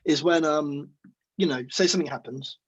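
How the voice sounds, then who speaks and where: A man's voice: a little high, normal speed, breathy edge, highs cut off. A man in casual podcast conversation, telling rambling stories and acting out the exchanges he quotes. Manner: rambling, animated storytelling, acts out quoted exchanges. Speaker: podcast guest, musician.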